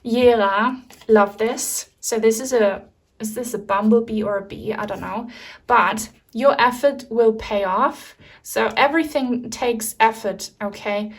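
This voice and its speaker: A woman's voice: a little high, unhurried. A young woman from Germany giving an enthusiastic, chatty tarot card reading to her viewers. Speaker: tarot reader.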